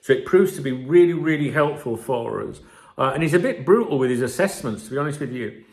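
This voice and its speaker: A man hosting his channel, giving casual commentary while reading out analysis, animated and conversational, often checking in with "right?". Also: mid-range voice, a little fast, roomy sound. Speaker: channel host.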